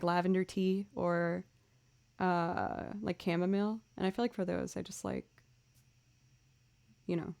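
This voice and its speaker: Greeting her viewers by name, a young Boston-area woman who streams and makes music keeps up a casual, bubbly livestream chat. Her voice is medium-pitched with a darkish tone, and she's very talkative.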